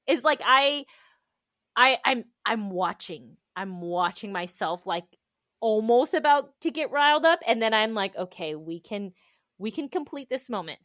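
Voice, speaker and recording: A woman guest talking candidly about motherhood, telling animated stories, acting out her own inner voice and laughing often. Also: a little high, moderate pace, no room sound, studio quality. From United States. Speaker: guest author. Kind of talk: candid conversational interview.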